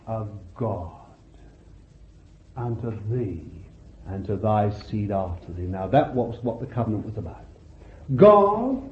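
A man preaching a sermon with fervor, calling out hallelujahs and swinging between loud bursts and hushed words. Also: mid-range voice. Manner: slow deliberate delivery, stretching key words. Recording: echoey hall, tinny lo-fi sound.

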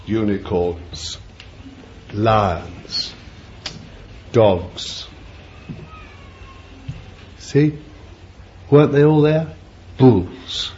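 A man preaching a sermon, dramatic and deliberate, moving from quiet musing to loud cries and drawing out his words. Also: medium pitch. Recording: dull lo-fi recording with faint ambient noise.

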